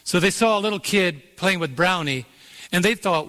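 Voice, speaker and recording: Man, preacher. Bright, tense voice, slightly high. Emphatic storytelling with call-and-response. Reverberant hall. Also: normal speed. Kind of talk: sermon. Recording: long reverb of a large hall.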